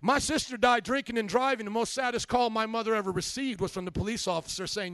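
A man with a notably high voice preaches with fervor, throwing rhetorical questions at his congregation and rising to shouts. The sound is close and dry, with little room around it. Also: fast, few pauses, dry recording. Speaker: pastor. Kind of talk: sermon.

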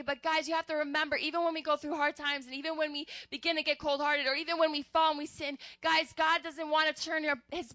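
A young woman delivers a casual sermon in a high, bright voice. She speaks with earnest, animated conviction and keeps calling her listeners "guys." The sound is dry and close. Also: no echo. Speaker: youth preacher.

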